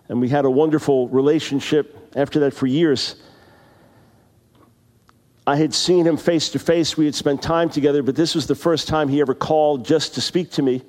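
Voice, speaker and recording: Preacher around 60 in a reverberant hall. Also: male voice, a little high, a little mellow. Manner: storytelling, then emphatic slow scripture reading. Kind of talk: sermon. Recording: long reverb of a large hall.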